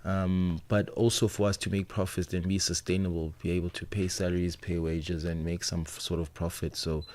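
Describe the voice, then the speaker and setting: Deep-voiced South African man, businesslike. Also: flat delivery, brisk, a little mellow. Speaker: restaurant owner guest. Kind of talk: radio interview.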